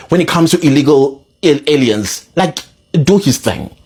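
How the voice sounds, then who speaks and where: A man's voice: mid-range voice, animated, normal speed. A man talking straight to his viewers in a casual vlog, heated and pleading. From South Africa. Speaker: vlogger. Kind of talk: casual opinion monologue to camera.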